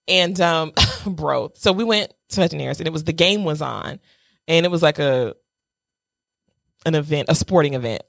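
A woman's voice: deep voice, normal speed, gravelly, no echo. A young adult woman co-hosting a podcast, telling a story in a playful, casual way and acting out what others said. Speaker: podcast co-host.

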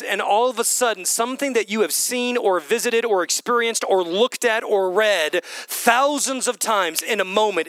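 Bright-voiced animated male preacher. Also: high-pitched, dry recording. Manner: animated, swings from loud bursts to hushed whispers. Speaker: pastor. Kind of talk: sermon. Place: church hall with congregation.

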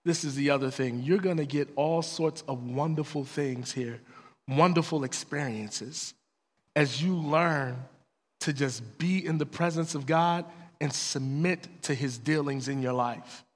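A man with a fairly high voice delivers an earnest sermon, telling stories in a lively, plain-spoken way. His voice rings through a large hall and trails off in a long reverb. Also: a little slow. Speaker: preacher. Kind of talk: sermon with personal storytelling.

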